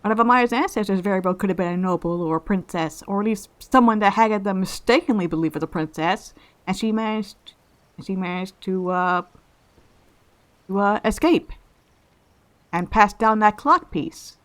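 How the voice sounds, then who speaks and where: A woman's voice: mid-range voice, moderate pace. A woman hosting a let's play, musing aloud and speculating in casual gameplay commentary, often restarting her phrases.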